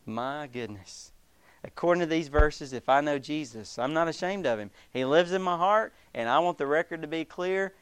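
A man preaching a sermon as pastor, emphatic and animated, acting out the voices of the people he quotes. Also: a little high, normal speed, smooth, no echo.

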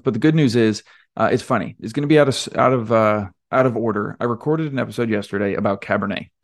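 Rambling low-voiced podcast host. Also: male voice. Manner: rambling, self-deprecating, many fillers. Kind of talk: casual solo podcast talk.

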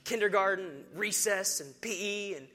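A man preaching a sermon, swinging between hushed storytelling and rousing declarations. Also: sits high, normal speed. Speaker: pastor.

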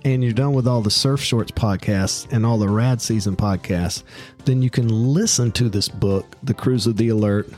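A man's voice: on the low side, moderate pace, a little mellow, faint music behind. A man with a Southern US accent hosting a casual podcast interview, chatty and friendly, laughing easily. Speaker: podcast host.

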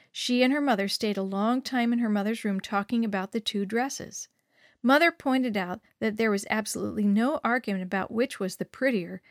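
Female storyteller, measured and expressive, slightly high voice, dry sound. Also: dry recording. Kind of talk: scripted narration.

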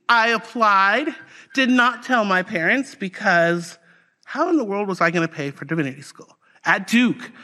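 Bright-voiced woman pastor telling her story. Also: medium pitch. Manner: conversational, animated storytelling with fillers. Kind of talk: personal testimony sermon.

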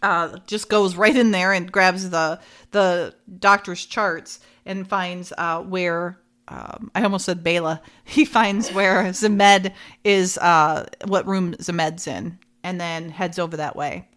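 A woman's voice: fairly low pitch, steady tone, slow pace, fairly bright tone. A woman chatting casually as she recaps a TV episode, giggly and full of fillers. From United States. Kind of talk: casual show recap chat.

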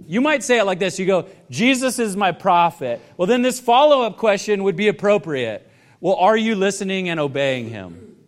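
A male pastor preaching a sermon earnestly, building emphasis with repeated questions to the congregation. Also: sits high.

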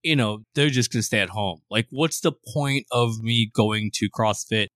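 A man's voice: on the low side, moderate pace, a bit bright, dry recording, studio quality. Man hosting a podcast. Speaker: podcast host. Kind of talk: casual podcast chat.

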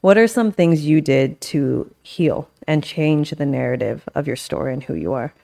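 A woman's voice: deep voice, expressive, moderate pace, creaky, mellow. A woman hosting a podcast interview, asking reflective, empathetic follow-up questions. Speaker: podcast host. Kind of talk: interview conversation.

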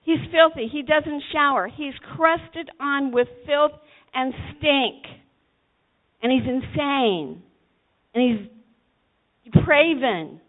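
A woman's voice: high-pitched, expressive, slow, pauses often. A woman preaching a sermon to teenagers, telling the story dramatically and acting out the voices. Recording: tinny phone-like recording.

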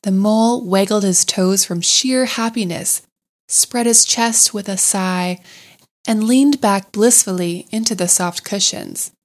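A woman narrating a classic children's storybook in a gentle, unhurried, expressive way. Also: mid-range voice.

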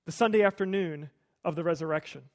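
Man, high voice, pastor, conversational sermon, light humor, dry close sound. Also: fast, a little mellow, dry recording.

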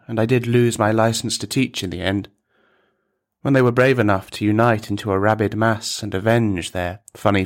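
A dark comic story gets a scripted, deadpan reading from a man whose low voice keeps a measured pace.

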